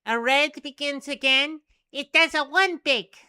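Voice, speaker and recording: A woman voicing a tiny chirping creature that repeats broken, garbled phrases in a squeaky singsong. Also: a little slow, bright, forceful tone, heavily acted. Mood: earnest. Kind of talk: reading a webcomic aloud with voices.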